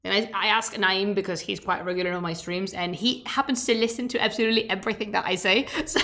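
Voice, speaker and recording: A woman whose first language is Spanish chats playfully on stream, then moves into a history lecture, throwing in emphatic, wandering asides. Her mid-range voice is fast, bright, and forceful.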